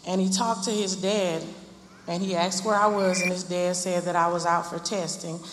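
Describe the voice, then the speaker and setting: Woman telling a story slow and earnest, roomy echo, loud noise behind. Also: lowish voice, level tone. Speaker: mother remembering her son. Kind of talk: emotional personal testimony. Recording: echoey room with loud noise.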